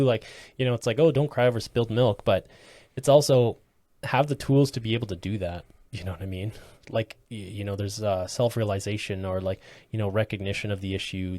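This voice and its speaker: A man with a fairly low voice reflects out loud as a podcast co-host, leaning on "like" and "you know" as he works toward his point. His voice is dry and close to the mic. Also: steady tone, fairly quick, no room sound. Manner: reflective, lots of fillers. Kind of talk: casual chat.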